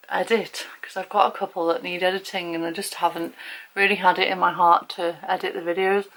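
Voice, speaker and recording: On a low-quality recording, a young Englishwoman vlogs casually to camera in a fairly low, gravelly yet fairly bright voice. She's recovering from illness and feels weak, rambling with lots of fillers and restarts.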